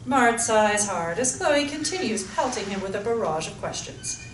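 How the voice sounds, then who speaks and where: A woman reading stage directions aloud in an even, descriptive way. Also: medium pitch, normal speed. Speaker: narrator. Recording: echoey room, mic far off, faint hiss.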